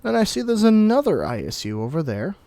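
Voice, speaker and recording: A young man giving casual, explanatory commentary over his own gameplay, breaking into sudden excited outbursts now and then. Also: sits high, brisk, no room sound. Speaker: gaming commentator.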